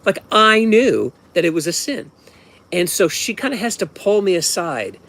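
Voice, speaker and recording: A man's voice: high voice, sing-song, normal speed, a bit bright. A man in his fifties from Ohio telling a personal story at home in a casual, rambling way, often restarting and adding asides. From Ohio, USA. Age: 50s.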